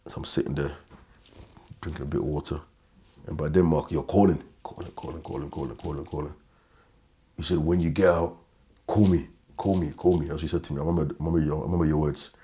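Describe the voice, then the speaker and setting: A man in his thirties with an extremely deep, low voice. He tells a painful personal story in an interview, halting, repeating words, and often dropping to a quiet, subdued tone. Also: level tone, husky. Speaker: interview guest.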